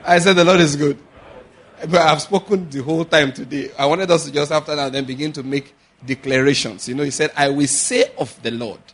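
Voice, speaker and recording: A pastor preaches animatedly in a slightly high voice at a slightly fast pace. He slips into pidgin asides and acts out quotes as little scenes.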